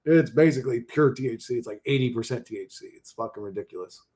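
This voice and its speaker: A man in his forties chatting casually on a livestream, slangy and profane, laughing often and swinging between mumbling and loud bursts. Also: medium pitch, quick pace. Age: 40s.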